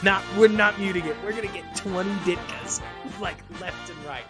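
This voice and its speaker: A man hosts a live sports stream in a fairly high voice. He rambles from point to point and answers viewers by name. His delivery stays animated and casual. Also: moderate pace, over music. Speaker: host of a live football stream.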